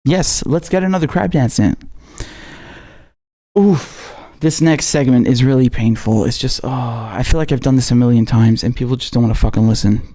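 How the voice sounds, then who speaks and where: A man's voice: mid-range voice, warm tone. A man hosting a political commentary livestream, chatting loosely with viewers in a slangy, repetitive, off-the-cuff way. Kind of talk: casual livestream chat.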